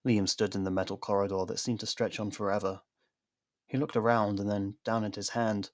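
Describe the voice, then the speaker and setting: Performing all the parts with lively character voices, a man narrates a fan-made science fiction audio drama, audiobook-style, from a script. His pitch is fairly low and his pace a little fast, captured in studio quality with no echo.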